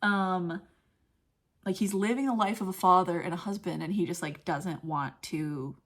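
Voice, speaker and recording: A woman's voice: on the low side, moderate pace, fairly bright tone. A young woman giving a casual film review. She talks in a chatty way full of fillers and often drops into a whisper.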